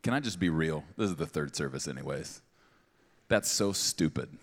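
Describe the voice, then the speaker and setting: A very low-voiced man preaches to a congregation, talking like he's chatting with them but hitting his points hard and tossing in playful asides. His voice rings out with a long reverb, the sound of a big church auditorium. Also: animated, moderate pace. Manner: conversational and emphatic, with playful asides. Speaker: pastor. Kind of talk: sermon.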